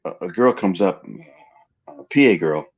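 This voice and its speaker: A man's voice: deep voice, moderate pace, husky, dull audio. A middle-aged man guesting on a live-stream interview, animatedly telling anecdotes and acting out the dialogue of others. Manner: animated storyteller who acts out quoted dialogue. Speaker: interview guest, film stand-in and double. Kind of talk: casual anecdotal storytelling. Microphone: remote live-stream call.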